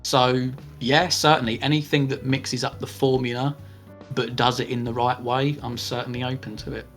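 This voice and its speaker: Measured man co-hosting a podcast. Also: medium pitch, little pitch movement, a bit bright, faint music behind. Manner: measured, hedging, thinks aloud. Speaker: podcast co-host. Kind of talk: casual Q&A chat.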